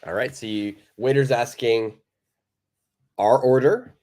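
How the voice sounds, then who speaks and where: A man's voice: mid-range voice, steady tone, slow pace, a little mellow. A man teaching a live online English lesson, patiently reading out viewers' answers, praising them and explaining simple phrases.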